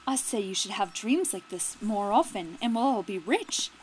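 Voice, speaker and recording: A woman's voice: mid-range voice, expressive, normal speed, slight background noise, lightly acted, rough recording. A woman voicing a teasing young male minstrel companion with a light, joking delivery.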